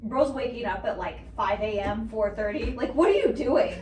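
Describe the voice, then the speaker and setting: A woman's voice: a little high, animated, normal speed, a little mellow. Giggly young woman host in a roomy space. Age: young adult. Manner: giggly, chatty, says "like" and "bro" a lot. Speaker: podcast host. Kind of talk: casual chat. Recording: roomy sound, mic at a distance, faint noise.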